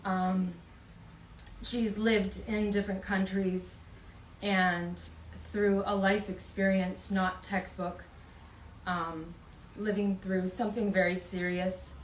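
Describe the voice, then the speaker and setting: A woman hosts a casual live wellness interview, speaking slowly and gently with frequent ums. Her voice sits back from the mic in a reverberant room, with faint noise behind her. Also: lowish voice. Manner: gentle, unhurried, many ums. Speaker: host. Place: in Vancouver. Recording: echoey room, voice from a distance.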